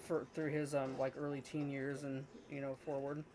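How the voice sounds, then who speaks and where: A man's voice: medium pitch, completely flat delivery, moderate pace, a little mellow, slight background noise. A man co-hosting a casual podcast chat, rambling with frequent fillers and restarts. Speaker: podcast co-host.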